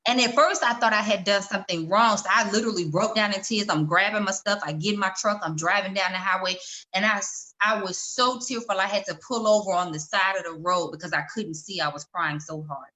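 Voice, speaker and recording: A middle-aged woman with a bright, forward voice tells a personal story as a guest in a conversation. She is animated, slipping into the voices of the people she quotes. Her pitch sits in an ordinary middle range. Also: brisk.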